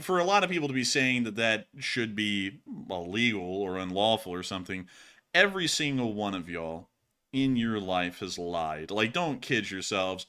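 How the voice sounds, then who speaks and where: A man co-hosting a casual commentary show, talking in a rambling, animated way with many fillers. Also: lowish voice. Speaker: co-host.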